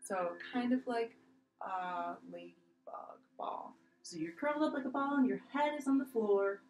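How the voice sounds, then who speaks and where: A young woman teaching a gentle, playful yoga class to preschool children, coaxing them along as she guides each pose. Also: on the high side, expressive, fairly quick. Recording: echoey room with faint music.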